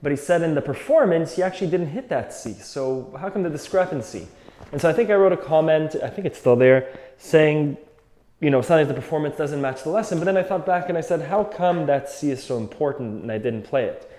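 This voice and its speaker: Male accordion teacher, slightly high voice, casual and thinking aloud, in an echoey room. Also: lively intonation, a little fast, dark tone. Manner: thinks aloud, loose and reflective. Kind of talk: casual music lesson. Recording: roomy echo, faint accordion.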